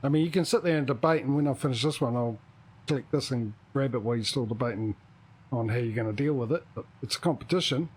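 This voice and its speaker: A man streaming a multiplayer farming game, chatting casually and thinking out loud as he plays. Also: mid-range voice, fast talker, slightly rough, rough recording. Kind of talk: casual gaming chat.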